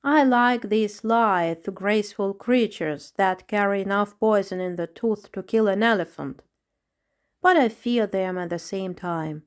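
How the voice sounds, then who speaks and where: Woman reading as a calm fakir man, a bit of a whisper in places, storybook voice. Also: mid-range voice, a little slow, natural voice. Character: wise former snake charmer, male fakir.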